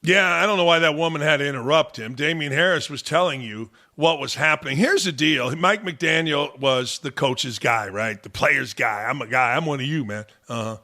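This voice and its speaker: A man's voice: fairly high pitch, moderate pace, hardly any pauses, bright, forceful tone. A man hosting a sports talk show, giving blunt, combative opinions. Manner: blunt and combative, talks back to the audience.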